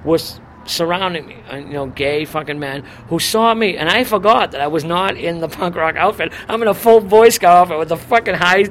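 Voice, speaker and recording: High-voiced, profane middle-aged punk storyteller. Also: male voice, a little fast, hardly any pauses, a bit bright. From Boston area. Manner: profane, rambling, swaggering storyteller. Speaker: punk singer being interviewed. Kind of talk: casual street interview, storytelling. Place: outdoors in front of a bar on a city street. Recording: street traffic noise outdoors. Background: passing cars and city traffic.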